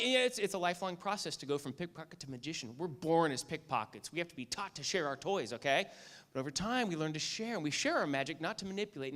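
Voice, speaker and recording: A man giving a motivational keynote speech, telling a story with lively acted-out lines and asking the audience "okay?" and "right?" again and again. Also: on the high side. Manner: animated storyteller, acts out lines, asks "okay?" and "right?" often. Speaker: keynote speaker and magician.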